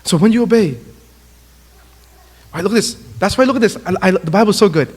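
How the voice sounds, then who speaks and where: Man, high-pitched, youth sermon, animated storyteller, big reverberant hall. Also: moderate pace, husky. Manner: animated storytelling, acts out quotes. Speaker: youth speaker. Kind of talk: sermon to young people.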